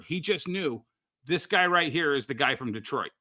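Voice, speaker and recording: A man's voice: fairly high pitch, expressive, moderate pace, sharp tone. A man co-hosting a casual podcast, sharing anecdotes in a chatty way and often restarting his sentences. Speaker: podcast co-host, comic retailer. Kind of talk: casual chat.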